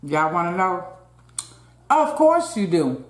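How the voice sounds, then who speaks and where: A woman's voice: fairly low pitch, sing-song, takes it slowly. A woman hosting a casual eating show, talking between bites and keeping up a running chat with her viewers. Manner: chatty, keeps calling out to viewers, talks between bites. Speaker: mukbang host. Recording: roomy echo.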